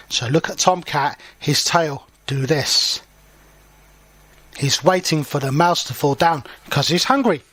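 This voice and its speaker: Male teacher reading a picture book to learners; patient, slow, with dry close sound. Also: on the high side, a bit bright, dry recording. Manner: slow and clear, pausing to explain words. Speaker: English teacher. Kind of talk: storybook read-aloud for learners.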